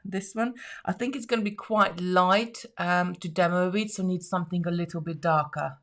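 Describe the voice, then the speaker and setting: A woman with a slightly low voice chats casually on a live craft stream at her home table. She reads viewer comments aloud, laughs easily and often restarts her sentences mid-thought. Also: fairly even intonation, normal speed. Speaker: live stream host making jewellery.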